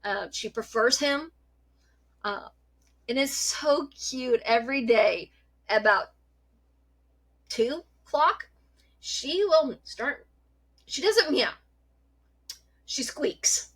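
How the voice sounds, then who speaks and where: Woman vlogger, casual storyteller, higher-pitched, animated and foul-mouthed. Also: very slow, pauses often. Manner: chatty, animated, swears freely.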